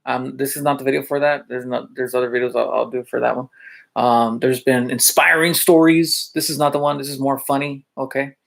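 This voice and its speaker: Gravelly-voiced male teacher telling stories. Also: mid-range voice, steady tone, brisk, a bit bright. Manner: chatty, with many fillers and check-ins to viewers; laughs while telling stories. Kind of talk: casual storytelling vlog.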